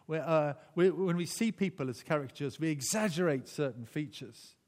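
Lively conversational male preacher in a reverberant hall. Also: fairly high pitch, moderate pace. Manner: conversational, with frequent restarts and chuckles. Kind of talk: sermon.

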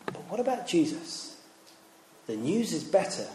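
A preacher and former teacher delivers a storytelling sermon at a measured pace, his high, somewhat dark voice swinging widely in pitch. He talks conversationally, asks rhetorical questions, and acts out quoted voices; the echoey room carries a little hiss or hum.

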